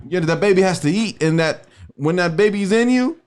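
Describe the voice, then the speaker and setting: A man's voice: high voice, expressive, normal speed, darkish tone, smooth. A man in an earnest, preaching-style radio discussion who quotes scripture and keeps checking that listeners understand. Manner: earnest, cites scripture, asks "you understand?".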